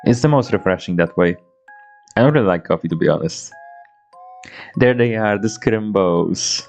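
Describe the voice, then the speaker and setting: Stammering gravelly young man streaming. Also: on the low side, animated, moderate pace, a little mellow, faint music behind. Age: 20s. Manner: rambling, stammering restarts, swears, laughs often. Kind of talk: casual gameplay commentary, reading dialogue aloud. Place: home room, playing on a laptop.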